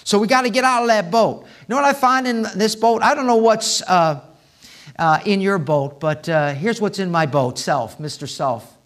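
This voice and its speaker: A male pastor preaching a sermon in a church, swinging from hushed asides to loud, impassioned appeals. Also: high-pitched, lively intonation, normal speed. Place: church sanctuary.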